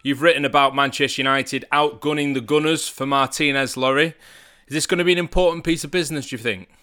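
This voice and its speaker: A man presenting a podcast, brisk and guiding the conversation. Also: mid-range voice, fairly even intonation, sharp tone, clean tone. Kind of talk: podcast hosting.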